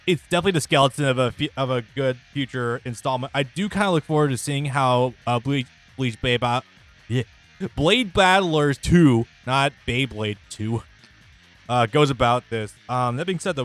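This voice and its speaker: A man's voice: medium pitch, a little fast, fairly bright tone, soft background music. Casual stammering man chatting over a game. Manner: stammering, casual, swears freely. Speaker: let's play host. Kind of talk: casual gaming chat.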